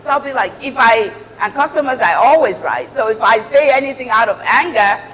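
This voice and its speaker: A middle-aged woman appears as a guest speaker, giving a motivational talk in a reverberant hall. Her voice is fairly high and brisk, and she offers warm, earnest, encouraging advice.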